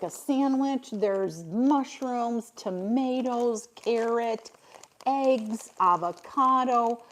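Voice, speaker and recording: An older woman from Buffalo, New York, chatting casually on her livestream, reading out and answering viewers' comments and laughing often. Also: fairly high pitch. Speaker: livestream host.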